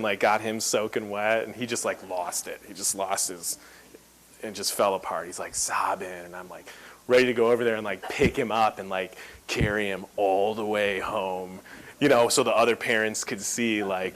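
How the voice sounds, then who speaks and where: A man's voice: medium pitch, unhurried, rough recording. A man in his thirties giving a talk on a lapel mic, telling a story and acting out the quotes. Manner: animated, acts out quotes. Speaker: guest speaker.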